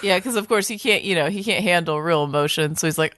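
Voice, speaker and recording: A woman's voice: lowish voice, fast talker, fairly bright tone, no room sound, clean studio sound. A woman co-hosting a podcast, giving blunt reactions with plenty of laughs. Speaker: podcast co-host. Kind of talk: casual chat.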